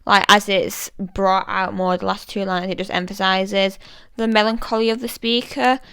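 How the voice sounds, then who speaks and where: A British woman talks through a poem in a relaxed, chatty way, with plenty of fillers. Her voice is very smooth and even, with little rise and fall. The sound is close and dry. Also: medium pitch, moderate pace, no echo, low-quality recording. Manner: thoughtful, chatty, many fillers. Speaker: literature explainer. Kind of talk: casual poetry analysis.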